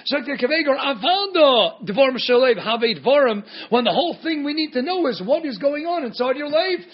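Male Torah teacher, very high-pitched, rhetorical question-and-answer lecture style, muffled lo-fi sound. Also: lively intonation, moderate pace. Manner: mixes Hebrew and Aramaic terms into English. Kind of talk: Talmud lecture.

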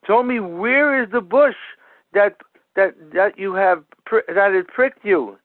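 A man's voice: high-pitched, slow pace, dry recording. A man doing an anxious, urgent father. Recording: tinny phone-like radio sound.

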